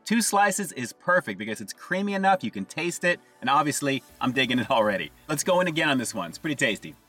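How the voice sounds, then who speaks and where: Man, food reviewer, quick upbeat delivery, slightly husky, heard from a bit off mic with faint music. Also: medium pitch, sing-song, bright, forceful tone, distant mic. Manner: upbeat, catchphrase-heavy, talks to viewers as "guys". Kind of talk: casual food review vlog.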